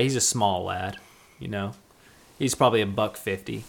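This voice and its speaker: A man's voice: lowish voice, normal speed, creaky. Rambling young male podcast co-host. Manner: rambling, with fillers like "you know" and "like". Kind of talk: casual storytelling chat.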